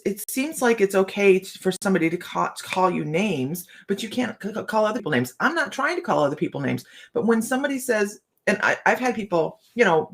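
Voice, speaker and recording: A psychic hosts a casual morning livestream, chatting with viewers, laughing often, and frequently restarting and stammering through her sentences. Her voice is medium-pitched and gravelly.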